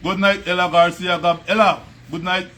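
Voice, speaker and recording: A man's voice: sits high, flat delivery, normal speed. A man with a Belizean Creole accent hosting a casual livestream, chatting, laughing often and greeting viewers by name. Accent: Belizean Creole English. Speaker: livestream host. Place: at home. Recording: music playing behind.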